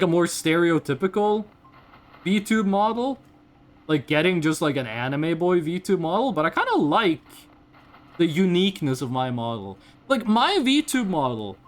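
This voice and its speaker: A woman from Norway, chatting casually with her live-stream chat, blunt and animated, swearing freely. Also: medium pitch. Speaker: VTuber streamer.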